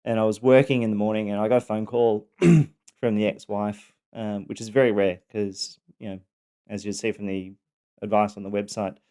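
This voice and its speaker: A man telling his personal story, speaking haltingly with many pauses and restarts. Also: fairly low pitch, mellow.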